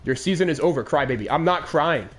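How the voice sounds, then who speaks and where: A man's voice: on the high side, lively intonation, fairly quick, faint music behind. A man in his twenties hosting a game commentary show, recapping a lost Madden game in a crude, aggrieved rant. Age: 20s.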